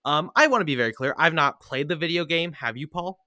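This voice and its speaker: A man hosting a podcast, talking casually in lively bursts. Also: a little high, no room sound, clean studio sound. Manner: lively, talks in quick bursts with many "um"s. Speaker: podcast host. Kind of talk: casual chat.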